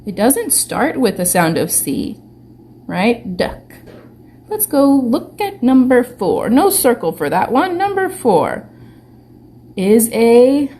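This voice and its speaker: A woman teaching young children in an online lesson, talking slowly with lots of questions and sounding out letters. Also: a little high, big pitch swings, a little mellow, a little hiss or hum. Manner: slow, sing-song teacher talk with many questions. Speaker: preschool teacher.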